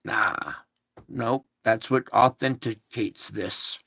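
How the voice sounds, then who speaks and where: A man's voice: mid-range voice, fairly even intonation, slow pace, creaky, bright, forceful tone, breathy edge, no room sound. A man hosting an online show, talking in a casual, preachy monologue with emphatic rhetorical questions, recorded on a phone or laptop.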